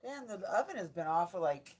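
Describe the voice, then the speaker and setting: A woman streaming from her home kitchen, chatting casually while decorating cakes, soft-spoken and a little self-critical, swearing now and then. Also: lowish voice, very animated, a little fast. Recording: noisy home livestream.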